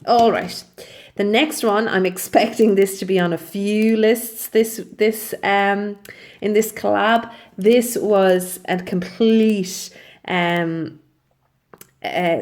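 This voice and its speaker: A woman's voice: mid-range voice, fairly even intonation, takes it slowly. A young woman chatting casually through a nail polish review, rambling and often correcting herself mid-sentence. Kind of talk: casual product review vlog.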